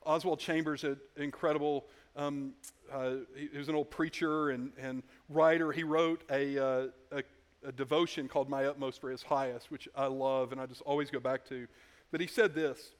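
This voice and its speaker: A man preaching a sermon in a conversational way, often restarting his sentences and dropping into quiet asides. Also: medium pitch, steady tone, moderate pace. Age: adult. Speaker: pastor.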